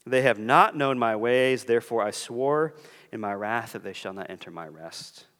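A man's voice: medium pitch, expressive, normal speed, fairly bright tone, big-room sound. A man preaching a sermon in earnest, walking through scripture and briefly acting out the voices of the people he quotes. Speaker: pastor.

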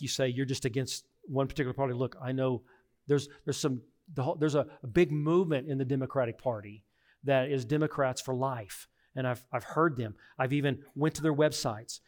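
A middle-aged man preaching a sermon as pastor, earnest and emphatic, swinging between hushed reflection and forceful insistence. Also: medium pitch, fairly even intonation, a little fast.

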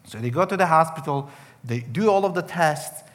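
A man's voice: on the high side, animated, normal speed, a bit bright. Emotional man telling his story. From Serbia. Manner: emotional storytelling with many restarts. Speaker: guest sharing testimony. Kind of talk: personal testimony.

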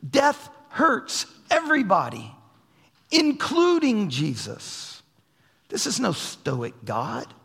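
A male pastor preaching a sermon, dropping to soft low asides and then rising to raised, emphatic lines. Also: huge pitch swings, takes it slowly, gravelly, slightly rough. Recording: long hall reverb.

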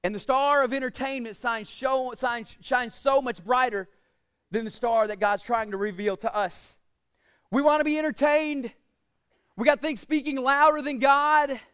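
A man preaching a sermon as pastor, asking the congregation questions and swinging between loud declarations and quiet asides. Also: very high voice, unhurried, smooth. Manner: preaching with rhetorical questions and call-outs to the congregation.

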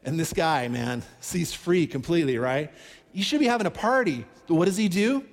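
A man preaching a sermon, telling a Bible story in an animated, conversational way and acting out the characters' pleas. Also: fairly high pitch, normal speed, long reverb tail. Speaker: pastor.

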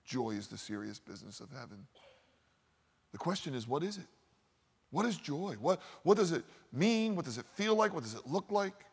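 A man preaching a sermon, telling stories and swinging from loud, lively lines to quiet, hushed ones. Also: a little high, normal speed, gravelly, breathy edge. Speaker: pastor. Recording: long hall reverb.

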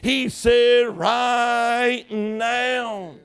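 Male preacher, very high pitch, emphatic sermon storytelling with call-and-response. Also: steady tone, very slow, gravelly, a bit bright, clear, resonant tone.

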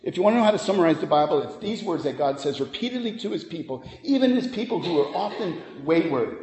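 A pastor delivers his sermon with earnest conviction, building to emphatic peaks before dropping into quick, chatty asides. He is a man with a somewhat raised pitch. His voice rings out through a church sanctuary with a long, lingering reverb. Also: expressive, a little mellow.

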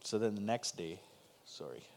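Deep-voiced man sharing a personal story. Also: expressive, vocal fry, darkish tone. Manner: emotional, halting storytelling with pauses and restarts. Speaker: guest telling his story. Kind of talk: personal testimony in a conversation.

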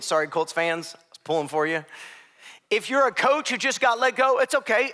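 A man's voice: very high voice, sing-song, moderate pace, bright, forceful tone. A young adult man preaching a sermon as pastor, conversational with joking asides.

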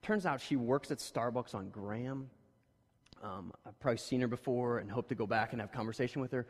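A man preaching a conversational sermon, telling stories casually and then pressing his points more loudly and emphatically. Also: medium pitch, brisk. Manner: casual storytelling that rises to emphatic, louder points. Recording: long reverb of a large hall.

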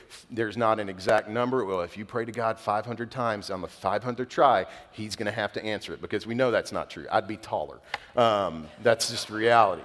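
A middle-aged man preaches a sermon in a chatty, storytelling way, his voice sitting fairly low. The sound rings out with the long reverb of a large hall. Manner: conversational, animated storytelling with laughs. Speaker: pastor.

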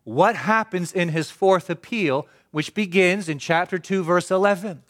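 Preaching in a high voice at a slightly slow pace, this man puts questions to the congregation and then answers them himself. His delivery swings from emphatic to hushed.

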